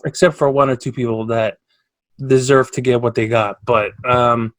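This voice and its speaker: A man's voice: mid-range voice, normal speed, no room sound. A man from Canada co-hosting a podcast, telling work stories in casual chat and raising his voice when he quotes people. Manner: animated storyteller, raises voice for quoted lines. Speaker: podcast co-host.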